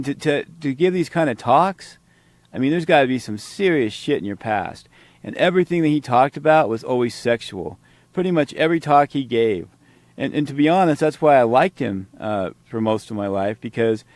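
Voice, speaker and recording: A man's voice: medium pitch, darkish tone, no echo. A man hosting a podcast, reacting to a played talk with heated, profane, sarcastic commentary. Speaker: podcast host.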